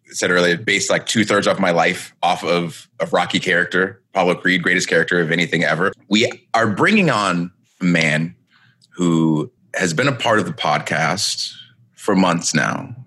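Husky low-voiced man hosting a podcast. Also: expressive, moderate pace, bright, forceful tone. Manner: joking, teasing, announcer-like asides. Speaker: podcast co-host. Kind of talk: casual podcast banter.

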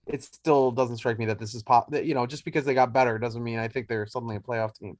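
A man's voice: mid-range voice, fairly even intonation, fast talker, dry recording. A man hosting a casual sports podcast, chatty and wry, poking fun at himself. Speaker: podcast host.

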